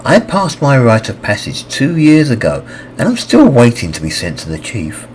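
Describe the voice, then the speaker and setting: A man's voice: medium pitch, huge pitch swings, moderate pace, darkish tone, a little hiss or hum. A man doing the timid youngest harpy. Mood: sly. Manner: unsure, deferential. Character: youngest harpy, deferential, giggly.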